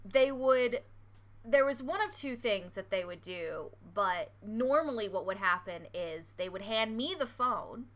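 An American woman with a bright, sharp voice, chatting casually. She tells her stories in an animated way, laughing often and saying "like" a lot. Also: medium pitch, unhurried. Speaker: friend in conversation. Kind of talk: casual chat.

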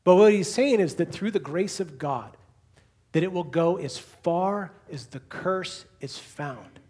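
A man's voice: sits high, animated, a little slow, a little mellow, slightly rough. A male pastor preaching a sermon and closing in prayer, building to emphatic repeated lines and then falling to a near whisper.

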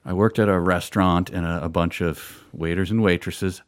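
A man in his fifties from Minnesota, spinning a long story in casual conversation. His voice sits low and sounds dry and close. He rambles and keeps laughing at himself as he goes. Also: fairly even intonation, moderate pace, no room sound. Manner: rambling, self-amused storytelling with frequent laughs. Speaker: storyteller guest. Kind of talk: casual chat.

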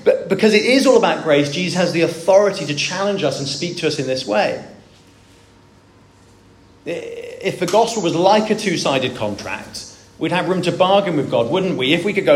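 A man's voice: on the high side, normal speed. A man preaching a sermon, earnest and reflective, asking rhetorical questions of his listeners. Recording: echoey room with faint ambience.

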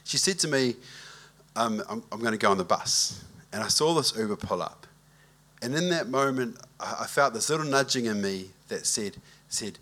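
A man, a pastor giving a conversational sermon that tells a relaxed story and asks the congregation for a show of hands. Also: mid-range voice, normal speed.

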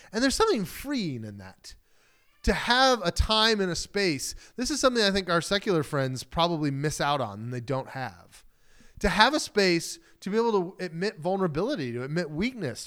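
A pastor giving a sermon in a relaxed, conversational way, with frequent fillers and small acted-out exchanges. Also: male voice, fairly high pitch, smooth. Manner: conversational preaching with fillers and acted-out everyday dialogue.

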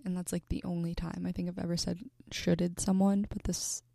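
A young woman in her twenties telling a personal story in an earnest, halting way, with many fillers and restarts, often dropping to a breathy near-whisper. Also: on the low side, little pitch movement, dark tone, no room sound, clean studio sound.

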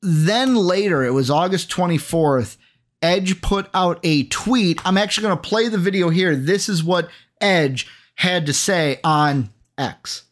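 A man's voice: fairly high pitch, normal speed. A man co-hosting a casual podcast chat, rambling and acting out quotes with animation. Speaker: podcast co-host.

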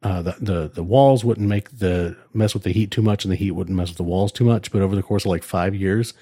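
Low-pitched and warm, this male co-host talks a little fast in a casual podcast chat that rambles with frequent fillers and restarts. The recording is dry and studio-clean.

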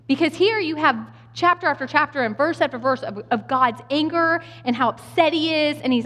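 Woman preaching with a lot of humor, bit high voice, acts out voices, long reverb in a big hall. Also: brisk, few pauses, fairly bright tone. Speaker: speaker giving a sermon. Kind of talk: storytelling sermon.

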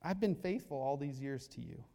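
A man's voice: mid-range voice, expressive, normal speed, gravelly, mellow, pitched below the performer's own voice. A man voicing a meek, faithful male donkey in a mild, plain way during a sermon. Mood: plaintive. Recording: long hall reverb.

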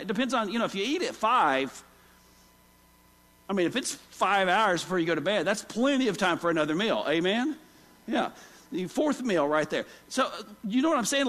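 A pastor preaching a sermon in a loose, conversational way, often calling out to the congregation. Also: male voice, high voice, a bit bright, in a large hall. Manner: conversational, with many restarts and calls to the congregation. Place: church.

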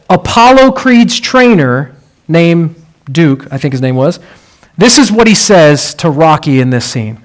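A preacher delivering a sermon in a fairly high male voice. He tells stories in a conversational way and then swells into emphatic, rallying lines.

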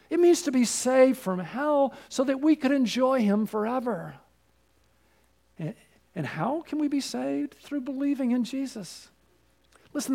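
A man's voice: high-pitched, creaky, a little mellow. A man preaching a sermon as pastor, in an earnest, repetitive cadence with direct appeals to the listener.

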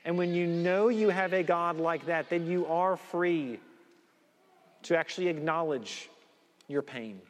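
A male pastor delivers an earnest sermon in a fairly high voice. He slows and drops low on the phrases he wants to land. His voice rings out with a long reverb, as in a large church. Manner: earnest, slowing and dropping low on key phrases.

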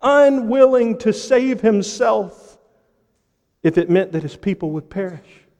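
A man preaching a sermon with impassioned rhetorical questions, pausing for effect and dropping to a hush. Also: high voice, lively intonation, long reverb tail. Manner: impassioned preaching with dramatic pauses and sudden drops to a hush. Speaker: pastor.

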